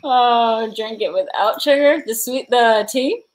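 Brief: woman livestream host, slow and unhurried delivery, fairly high voice, giggly and slap-happy. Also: poor audio. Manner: giggly, laughing constantly. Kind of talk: casual livestream chat.

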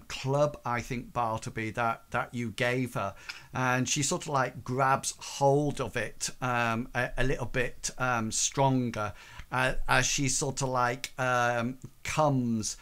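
A man's voice: mid-range voice, steady tone, fairly bright tone, clean tone. A man narrating a tabletop game as game master, hesitant and full of fillers. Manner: slow, halting, full of ums and sort-of-likes.

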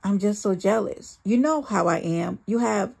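A volatile, jealous man who snaps into cursing rage, voiced by a woman reading a story aloud. His voice has a gravelly edge. In a calmer moment he turns to wheedling apologies. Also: mid-range voice, normal speed. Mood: pleading. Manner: shouting curses, then pleading. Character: abusive jealous male partner, volatile.

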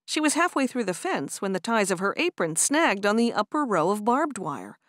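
A woman with a mid-range voice reads a romance audiobook at a moderate pace, bringing expressive storytelling to the scripted narration. The studio recording is clean and dry.

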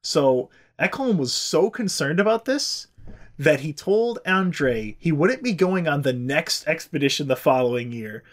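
Guy podcast host, fairly high voice, cussing and joking through a history story. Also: lively intonation, measured pace. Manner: irreverent, swears freely, does silly voices. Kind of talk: casual comedic storytelling.

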